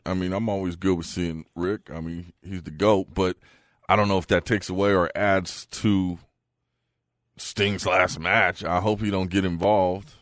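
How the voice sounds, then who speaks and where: Sleepy guy co-hosting wrestling radio, lowish voice, stumbles on words, dry mic. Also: no echo. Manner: relaxed, laughs at his own slips, trips over words. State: tired from lack of sleep. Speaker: radio co-host. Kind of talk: casual wrestling radio chat.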